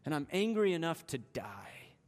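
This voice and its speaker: Man putting on a pouting angry prophet, low breathy whisper, ringing hall reverb. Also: very animated, moderate pace, darkish tone. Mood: defiant. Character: sulking angry prophet man, childish pout.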